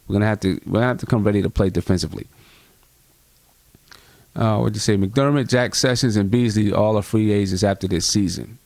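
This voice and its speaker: A man's voice: fairly low pitch, brisk, creaky, darkish tone, dry recording. A man hosting a live postgame basketball stream, chatting straight to his viewers. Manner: chatty, addresses viewers directly. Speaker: fan livestream host.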